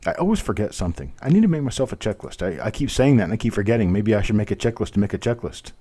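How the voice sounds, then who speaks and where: A man runs a live online coin auction, calling out bids in a steady, rhythmic patter. His voice sits low and sounds warm and relaxed. Between lots he chats and jokes at his own expense. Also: racing. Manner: chatty, self-deprecating, rhythmic bid calling. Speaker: auctioneer host.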